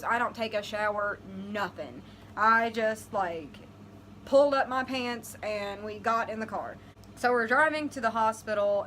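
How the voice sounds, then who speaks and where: A woman's voice: a little high, pushed and bright, a little hiss or hum, rough recording. A young woman vlogging, animatedly retelling a personal story and acting out her own reactions. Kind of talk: storytelling vlog.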